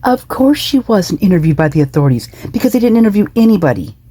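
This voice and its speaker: A woman's voice: mid-range voice, sing-song, quick pace, warm tone, breathy edge, dry recording. A woman giving indignant, emphatic reaction commentary on an interview clip, repeating herself for emphasis.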